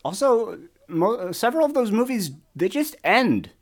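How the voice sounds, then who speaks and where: A young woman chatting casually, animated and profane, often trailing off low before bursting up high. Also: unhurried. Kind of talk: casual chat.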